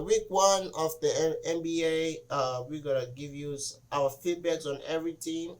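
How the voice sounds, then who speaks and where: A man with a somewhat high voice hosts a relaxed sports podcast. He tells stories in loose, rambling runs. He acts out the quotes by jumping up in pitch. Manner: animated storyteller, acts out quotes with rising pitch. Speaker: podcast host. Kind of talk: casual sports chat.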